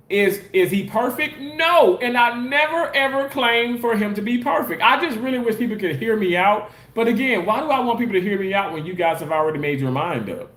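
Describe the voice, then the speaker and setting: A man's voice: sits high, fairly bright tone, roomy sound. A man live streaming in a casual chat, reading viewer comments aloud and defensively arguing back at his critics. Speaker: live streamer and content creator.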